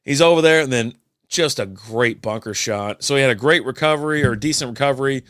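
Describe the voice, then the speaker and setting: A man's voice: mid-range voice, brisk, fairly bright tone, no echo, studio quality. A man hosting a podcast, chatting casually over a beer and telling rambling, profane stories. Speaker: podcast host.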